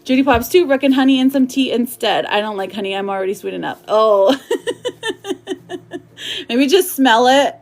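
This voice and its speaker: A woman with a slightly high voice hosts a live tarot stream. She talks to viewers in a warm, chatty way, laughing often and reading their comments aloud between card pulls. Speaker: tarot reader.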